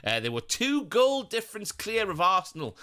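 A man's voice: high voice, sing-song, normal speed, sharp tone, smooth. A man hosting a football podcast alone, going over match results in a chatty, jokey, self-deprecating way. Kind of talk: solo football podcast commentary.

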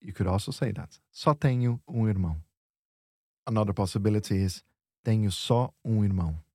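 A man teaching on a lesson podcast, patiently modelling phrases slowly and encouraging the learner. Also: on the low side, darkish tone, no room sound, studio quality. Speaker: Portuguese teacher.

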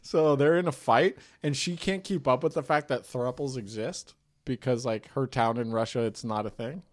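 A young man in casual podcast chat, telling animated stories, swearing, laughing and putting on voices. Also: mid-range voice, moderate pace.

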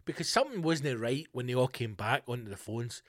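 A man's voice: medium pitch, animated, a little fast. A Scottish man hosting a podcast, ranting casually with heavy swearing and mocking voices for people he quotes. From Scotland. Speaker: podcast host.

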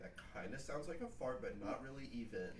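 A man's voice: medium pitch, lively intonation, a little fast, slight background noise. A man co-hosting a podcast, dropping dry, wisecracking quips in casual chat. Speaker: podcast co-host.

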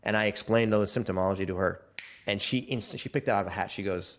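A man's voice: lowish voice, steady tone, brisk, a bit bright, slight background noise. A man in his forties telling his life story as a guest in a casual interview, acting out the voices of the people he quotes. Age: 40s.

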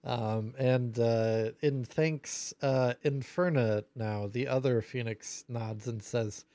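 A man running a tabletop game, narrating at an unhurried pace with many fillers and restarts. His voice is dry and close, with no room around it. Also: medium pitch, fairly even intonation, dark tone, dry recording. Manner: casual and halting, full of fillers. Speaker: game master.

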